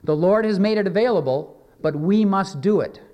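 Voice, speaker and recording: A man's voice: sits high, lively intonation, mellow. Earnest male pastor preaching in a reverberant hall. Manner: earnest, measured preaching with slow emphatic scripture readings. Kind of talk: sermon.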